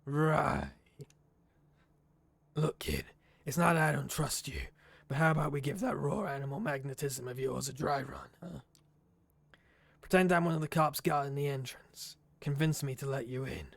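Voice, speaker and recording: A man voicing a gruff, streetwise male vampire informant with a gravelly voice. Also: medium pitch, lively intonation, moderate pace, pauses often, no echo.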